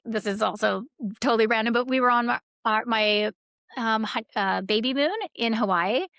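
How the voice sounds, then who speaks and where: A woman's voice: on the high side, moderate pace, a bit bright, no room sound, studio quality. A woman guest on a podcast, telling stories in a rambling, casual way, with many fillers and quoted dialogue. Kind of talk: casual conversational storytelling.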